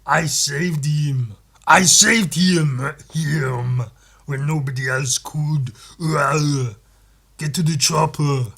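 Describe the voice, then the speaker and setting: A man doing a gruff, growling impression of a musclebound action star playing a doctor, grunting and shouting his lines. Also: fairly high pitch, drawn-out words, full character voice. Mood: defiant.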